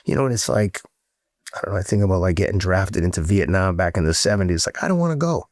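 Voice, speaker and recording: Middle-aged male guest, low-pitched, frank and earnest, swears casually; dry, close recording. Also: fairly even intonation, quick pace, a little mellow, no room sound. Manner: blunt and frank, swears freely; earnest storytelling with rising emotion. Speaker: podcast guest. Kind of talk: candid casual interview talk.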